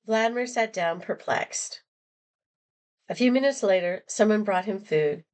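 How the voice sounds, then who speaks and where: A woman's voice: medium pitch, a little slow, smooth. Woman reading a novel chapter aloud. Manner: plain, steady reading with self-corrections. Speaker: narrator.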